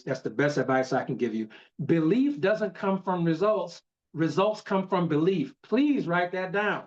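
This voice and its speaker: A man with a fairly high voice coaches his team on a video call, hammering his points home and repeating the key lines. His delivery is emphatic and preachy. The audio is dull and lo-fi. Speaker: network marketing team leader. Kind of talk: motivational training talk.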